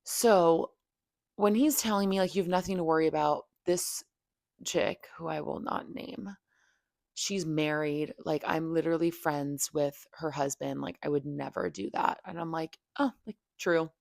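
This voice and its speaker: Young female podcast host, low gravelly voice, candid and profane, dry close mic. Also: unhurried, darkish tone, no echo. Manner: heavy "like" fillers, profane, venting. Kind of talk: candid personal storytelling.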